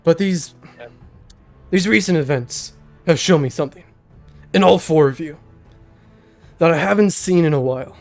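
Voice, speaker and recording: A stern old male mage, as a young man puts him on for a tabletop game, slow and grave, with a groggy edge over a fairly high natural voice. Faint music plays underneath. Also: lightly acted. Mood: solemn. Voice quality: slightly lowered, groggy-sounding voice. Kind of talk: game master voicing a character.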